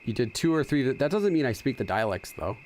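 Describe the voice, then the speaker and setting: A man's voice: mid-range voice, sing-song, brisk, darkish tone, slight background noise. A middle-aged man hosting a casual game playthrough, chatty and explaining as he goes. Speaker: gaming channel host. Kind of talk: casual let's-play commentary.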